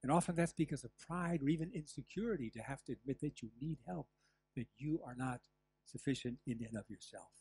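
An older man preaching a sermon as pastor, telling stories with lively asides and the odd laugh. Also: medium pitch, a little fast, a little hiss or hum. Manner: animated storytelling with asides and laughs. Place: church.

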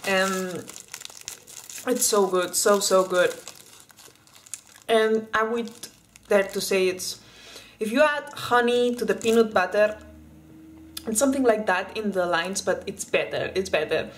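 A woman from Spain talks through a candy taste test in a loose, chatty way, eating and breaking off mid-word as she goes. Her voice sits at a middle pitch. A faint noise hums under the recording. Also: a little slow, long pauses, poor audio. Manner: chatty, eating while talking, restarts words. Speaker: vlogger.

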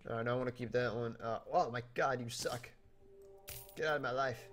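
A young man giving jokey, animated commentary as he plays a video game, talking to the game and to his viewers, a little tipsy. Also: mid-range voice, rapid-fire, faint music behind. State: tipsy from drinking. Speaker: gaming YouTuber. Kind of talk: let's play commentary. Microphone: desktop mic without pop filter.

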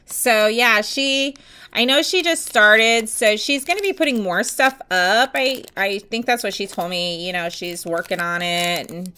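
A woman's voice: medium pitch, a little slow, bright, forceful tone, clear, resonant tone. A woman vlogger chatting casually and gushing as she unboxes nail art, with many ums.

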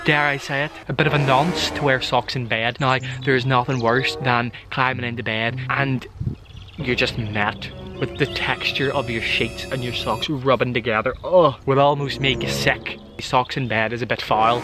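A man's voice: medium pitch, fairly even intonation, normal speed. A young man talking in a casual vlog, giving playful, exaggerated rants full of jokes. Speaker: vlogger. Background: background music.

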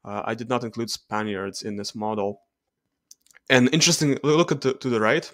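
A man's voice: medium pitch, normal speed, fairly bright tone, no room sound. A man with a Russian accent, explaining charts in a hesitant voice-over with frequent fillers and self-corrections. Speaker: genetics video creator.

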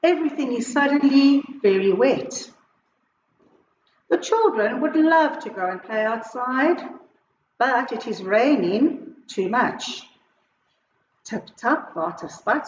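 A South African woman teacher giving a slow, clear lesson, switching between Afrikaans and English as she explains words and a short poem. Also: fairly high pitch, animated, darkish tone, slight background noise. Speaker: primary school teacher. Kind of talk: recorded online Afrikaans lesson. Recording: echoey, muffled home video recording.

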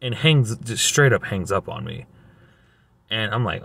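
A man's voice: fairly low pitch, animated, normal speed, fairly bright tone. A man telling a story in a casual, rambling, exasperated way, full of slang. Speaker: vlogger.

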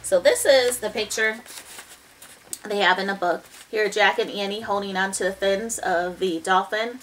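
A woman reading a children's chapter book aloud in a lively, expressive way, stopping now and then to talk about the pictures. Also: medium pitch, moderate pace, far from the mic, slight background noise, low-quality recording. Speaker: storybook reader.

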